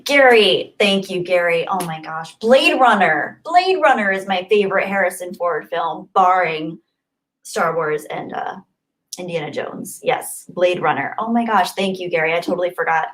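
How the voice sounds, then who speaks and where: A young woman hosting a casual livestream, reading super chats and thanking viewers. She gushes and gets excited, and she thinks aloud as she scrolls the chat. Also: fairly low pitch, normal speed. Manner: bubbly, gushing and excitable. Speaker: livestream host.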